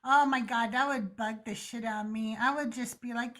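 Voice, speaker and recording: Woman, podcast host, high bright voice, animated storyteller who swears. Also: moderate pace, hardly any pauses. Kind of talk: casual chat.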